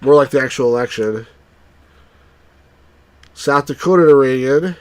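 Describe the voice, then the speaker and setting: A man from New Jersey chatting wryly through a live game stream, now and then cheering out loud. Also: medium pitch, unhurried, clear, resonant tone, dry recording. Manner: chatty, wry, bursts into excited cheers. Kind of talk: live let's-play commentary.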